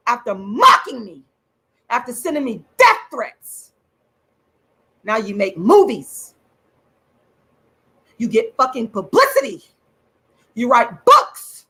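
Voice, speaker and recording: A woman angrily ranting straight to camera as host of her own channel, swearing and repeating herself with drawn-out, emphatic words. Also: high voice, pushed and bright, poor audio. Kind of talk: angry direct-to-camera rant.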